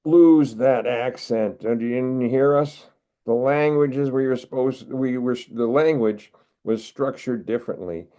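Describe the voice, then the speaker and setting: An older man from the United States, giving a wry, measured poetry reading as a poet. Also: mid-range voice, warm tone. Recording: narrow phone-like video call audio.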